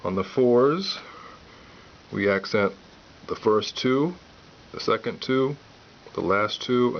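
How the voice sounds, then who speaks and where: A man giving a piano lesson, calmly explaining step by step and counting aloud. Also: lowish voice, creaky. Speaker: piano teacher. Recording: dull lo-fi audio with loud piano.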